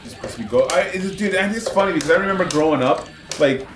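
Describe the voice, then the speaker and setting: A man's voice: fairly high pitch, quick pace, noisy background. A man from California co-hosting a casual gaming stream, rambling and swearing as he talks. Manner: rambling, animated, swears a lot. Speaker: streamer co-host. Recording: echoey room, mic at a distance, music behind.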